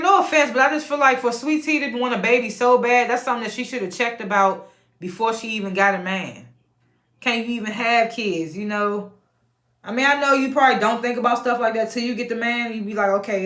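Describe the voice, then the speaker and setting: A woman's voice: a little high, fast, fairly bright tone, roomy sound. A woman casually recapping a reality show episode, chatty, laughing often and retelling scenes in quoted voices.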